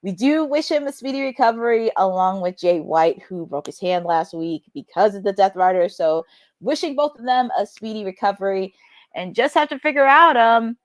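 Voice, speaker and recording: A woman's voice: medium pitch, animated, moderate pace. A woman co-hosting a wrestling watch-along, giving casual live commentary in a chatty, wry, sarcastic way.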